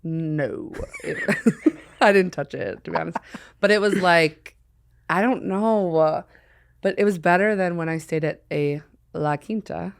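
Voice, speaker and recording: Low-voiced lady hosting a podcast, rambly and jokey, does silly voices for people in her stories. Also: a little slow, creaky, clean tone, no room sound, clean studio sound. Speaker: podcast host. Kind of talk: casual comedic chat.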